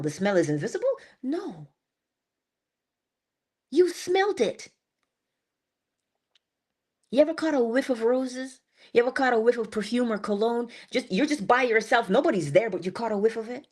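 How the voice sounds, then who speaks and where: A woman hosting an inspirational livestream, talking in a playful, animated way with sudden high exclamations and soft asides. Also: moderate pace, pauses often. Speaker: livestream host.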